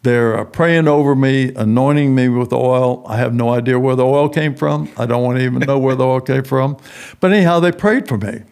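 A man's voice: mid-range voice, brisk, creaky, darkish tone, clean tone. A middle-aged man, a prison ministry founder, telling a personal story in an interview and acting out the voices of the people in it.

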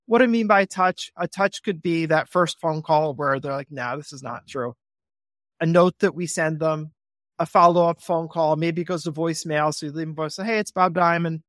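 A man's voice: a little high, moderate pace, dry recording. Upbeat man, dry close mic. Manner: animated, acts out phone calls in a cheerful voice. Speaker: real estate investor guest. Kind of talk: podcast interview.

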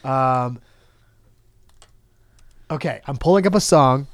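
A man's voice: medium pitch, takes it slowly, no echo. Hesitant man, dry close sound. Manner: hesitant, repeating himself while stalling. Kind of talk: casual chat.

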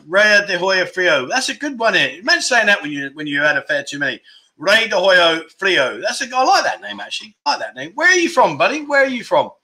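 A man hosting a casual livestream, reading viewer comments aloud, laughing often and spelling out local words slowly. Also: high voice, bright, forceful tone. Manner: chuckling often, teaching Thai words slowly. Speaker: livestream host.

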